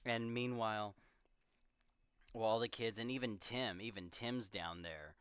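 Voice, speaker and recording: A young man co-hosting a casual film discussion, animated and acting out characters' lines as he retells scenes. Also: on the low side, unhurried, smooth, no echo, studio quality. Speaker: podcast co-host.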